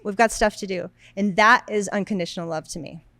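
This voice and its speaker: A woman's voice: mid-range voice, fairly quick, a bit bright, no echo. A woman in her thirties co-hosting a podcast, talking in a blunt, emphatic casual way. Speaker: podcast co-host. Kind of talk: casual chat.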